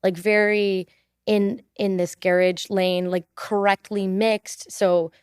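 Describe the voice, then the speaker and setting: A woman's voice: mid-range voice, little pitch movement, slow, a little mellow, smooth, no room sound. A young woman with an American accent, a singer chatting casually as a studio podcast guest, who laughs often. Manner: chatty, laughs often, repeats thank you. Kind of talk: casual interview chat.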